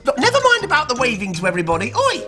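A man presenting a children's puppet show, lively and playfully exasperated, often laughing as he scolds the puppets. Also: extremely high pitch, very fast, over music. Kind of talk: lively scripted banter with puppets.

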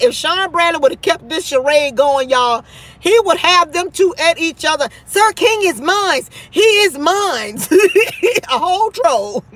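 A woman's voice: high-pitched, fairly bright tone. A woman hosting a casual livestream, chatting with viewers, laughing often and trash-talking bluntly. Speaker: livestream host.

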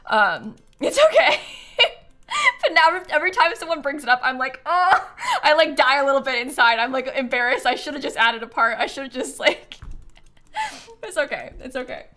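A woman's voice: high voice, sing-song, normal speed, bright, forceful tone. A young woman streaming a life-sim game live, chatting casually and rambling with many fillers. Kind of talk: casual gameplay commentary.

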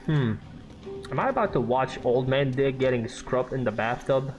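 A man giving casual, joking gameplay commentary, swearing and reacting loudly while he plays. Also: mid-range voice, moderate pace. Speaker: gaming YouTuber. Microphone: scuffed mic. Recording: game music behind.

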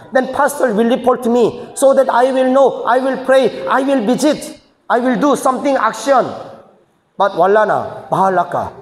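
A man's voice: very high voice, slight background noise. A man, a senior pastor, teaching church leaders in choppy, emphatic phrasing that rises into bursts. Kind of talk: teaching seminar sermon. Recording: echoey hall reverb.

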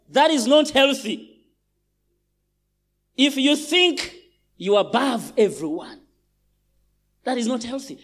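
A male pastor from Uganda preaching a sermon in a large church, emphatic and repeating phrases for stress. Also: high voice.

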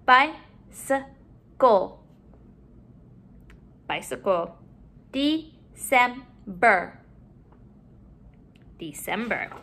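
A woman teaching a phonics lesson to young children at home, drawing out each word slowly and clearly. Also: fairly high pitch. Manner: slow, drawn-out modeling of words, bright sing-song emphasis.

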